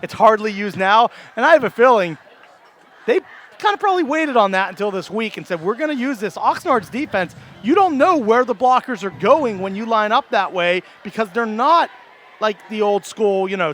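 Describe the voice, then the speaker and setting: A man doing color commentary at a high school football game, breaking down formations with enthusiasm and easy chuckles. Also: lively intonation, moderate pace, a bit bright, a little hiss or hum.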